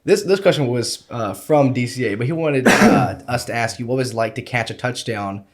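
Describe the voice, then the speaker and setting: Young male podcast host, casual, halting question style. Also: medium pitch. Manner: asks questions with many fillers and restarts. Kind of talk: casual interview chat.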